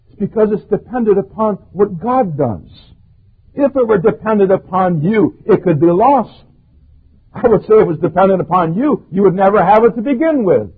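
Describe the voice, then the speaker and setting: A man's voice: high voice, breathy edge. A man preaching a sermon, emphatic and stressing quoted verses. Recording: tinny phone-like recording.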